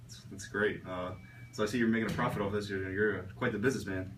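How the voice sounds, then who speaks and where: A man's voice: fairly low pitch, fairly even intonation, fast talker, a little hiss or hum. A young man playing a jokey student interviewer who probes with hesitant fillers in a comedy sketch. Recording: roomy echo, far from mic, faint ambience.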